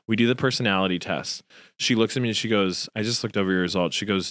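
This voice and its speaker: A man in his thirties tells a story on his podcast in a low voice, recorded close and dry in a studio. He is animated and acts out each person in the story. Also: fast talker, dry recording. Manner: animated storyteller acting out quoted dialogue. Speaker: podcast host. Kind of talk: casual storytelling chat.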